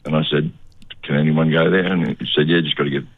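An older Australian man, an actor, telling stories in a relaxed, chatty radio interview over a muffled line. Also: a bass voice, fast talker, no echo. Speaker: actor guest.

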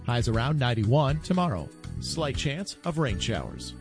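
A man reading a weather forecast as meteorologist in a smooth, friendly read. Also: mid-range voice, big pitch swings, moderate pace, music in the background.

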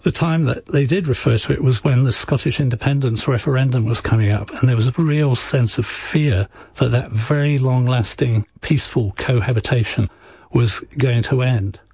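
Husky-voiced English male author. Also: mid-range voice, a little mellow, dry recording. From England. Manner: measured, storytelling. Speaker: author and radio guest. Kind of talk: conversational radio interview.

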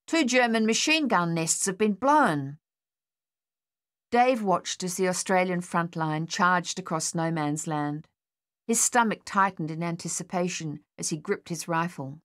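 A woman's somewhat low voice carries this audiobook narration, which is scripted and told in a steady, measured way.

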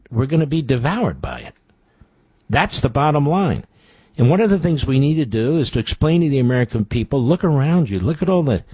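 A man's voice: medium pitch, darkish tone, breathy edge, no room sound. A man hosting a political talk radio show, speaking emphatically and indignantly, firing off rhetorical questions. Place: radio studio.

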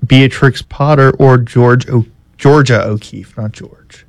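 A man, a radio producer, reading quiz questions in a flat, monotone way and laughing easily. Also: medium pitch, takes it slowly, no room sound. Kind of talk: casual on-air banter, reading a quiz. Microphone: studio microphone.

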